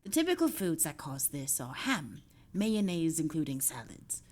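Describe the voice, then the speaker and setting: Woman doing a cold male dark wizard, breathy strained whisper, husky, hushed, reading notes slowly. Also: low voice, big pitch swings, voice pushed down. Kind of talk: study review read aloud in a put-on voice.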